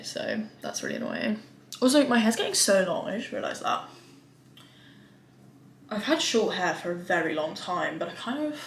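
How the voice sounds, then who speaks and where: A woman's voice: medium pitch, slight background noise. A young woman, talking casually and frankly to camera in a rambling vlog. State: out of breath. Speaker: vlogger. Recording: echoey room.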